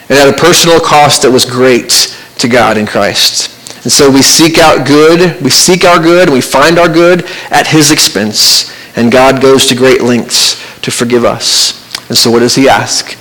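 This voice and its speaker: A man preaching a sermon as pastor, earnest and conversational, with pauses and restarts. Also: medium pitch, fairly bright tone, rough recording.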